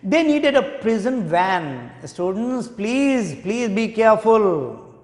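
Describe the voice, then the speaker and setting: A male teacher with an Indian English accent, reading a textbook chapter aloud and explaining it, slowly repeating key points to students. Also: high-pitched, big pitch swings, darkish tone. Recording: echoey hall with long reverb.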